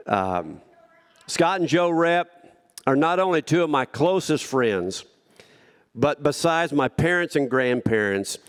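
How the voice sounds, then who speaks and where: A man's voice: medium pitch, clean tone. A man giving a heartfelt, rambling acceptance speech at a rodeo hall of fame banquet, telling stories and acting out quotes.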